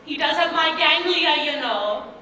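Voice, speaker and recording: A woman playing a chatty, excitable Irish widowed mother in a stage musical, with an Irish accent. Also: high voice, unhurried, crowd noise. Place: theater stage. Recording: echoey hall, miked from far off.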